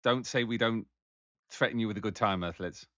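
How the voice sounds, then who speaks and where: A man's voice: lowish voice, a little fast, a bit bright, no room sound, lo-fi sound. A man co-hosting a casual podcast, rambling with lots of fillers and restarts. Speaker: podcast co-host.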